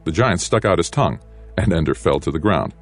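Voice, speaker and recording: A man with an extremely deep voice reads a novel aloud in measured, steady narration. Soft music sits faintly beneath his reading. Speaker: audiobook narrator. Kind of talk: scripted audiobook narration.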